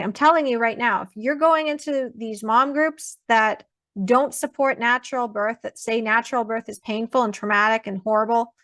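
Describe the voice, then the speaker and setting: A woman's voice: on the high side, fairly bright tone, no room sound, clean studio sound. Emphatic woman teaching birth planning. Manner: emphatic, conversational, acts out quoted people. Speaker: birth educator. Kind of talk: online class, casual teaching.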